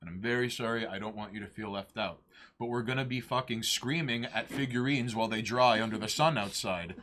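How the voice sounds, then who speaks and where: A man's voice: fairly low pitch, a little fast, fairly bright tone. A man co-hosting a casual arts and crafts livestream, joking and rambling crudely while he paints and talks to chat. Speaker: livestream co-host.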